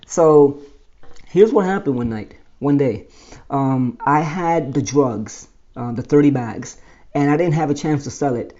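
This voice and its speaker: A man's voice: medium pitch, measured pace, mellow, dull audio. A man telling his own life story in a rambling monologue, often restarting and correcting himself.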